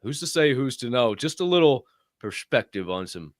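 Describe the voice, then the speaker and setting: A man's voice: big pitch swings, moderate pace, no room sound, clean studio sound. A man co-hosting a casual motivational talk show, telling a story in a profane, emphatic way. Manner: profane, emphatic storytelling with big pitch swings. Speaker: podcast co-host.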